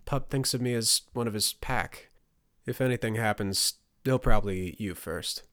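A man voicing a bitter, angry young man in an audiobook, keeping his voice low and level. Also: moderate pace, fairly bright tone, smooth, no echo, studio quality, close to an everyday voice. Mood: cold.

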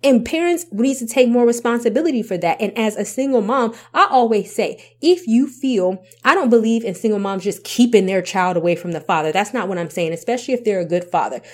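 A woman's voice: a little high, lively intonation, fairly quick, hardly any pauses, a little mellow. A woman vlogger talking to camera about parenting, with emphatic repetition and rhetorical questions. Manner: emphatic, repeats points, asks rhetorical questions. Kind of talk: casual advice talk to camera.

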